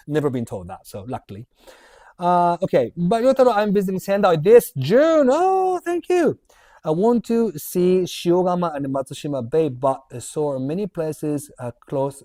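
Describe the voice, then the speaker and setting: In a casual livestream Q&A, a man with a mid-range, slightly dark voice reads out viewers' questions and answers them. He rambles, chats freely and laughs often.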